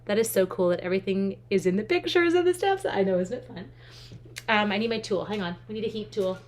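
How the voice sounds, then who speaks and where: A woman's voice: medium pitch, fast. A woman hosting a live stamping demo, chatty and upbeat, thinking aloud and answering viewer comments. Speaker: craft instructor and live stream host. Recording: steady background noise with clicks.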